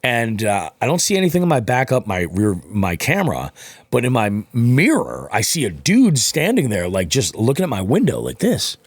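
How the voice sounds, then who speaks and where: A man's voice: mid-range voice, huge pitch swings, normal speed, breathy edge, no echo. A man, hosting a podcast and telling rambling stories in casual chat, swearing freely. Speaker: podcast host.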